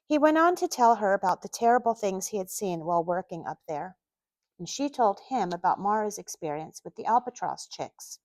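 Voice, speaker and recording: A woman's voice: medium pitch, animated, moderate pace, a little mellow, no echo. A woman reading her own novel aloud, stepping out of the story for chatty asides. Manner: chatty asides between passages.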